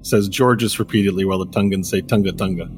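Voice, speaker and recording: A man's voice: deep voice, music in the background. A man narrating as game master of a tabletop game, loose and laughing. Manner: loose, laughing, puts on quick voices.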